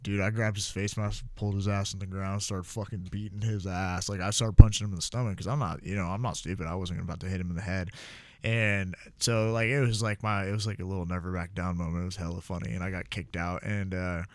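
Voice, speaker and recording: Brief: young american guy, low voice, dry close sound, rambling salty storyteller. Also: steady tone, fast talker, a little mellow, dry recording. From United States. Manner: laid-back, profane, filler-heavy. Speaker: podcast guest, former Marine. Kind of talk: casual storytelling.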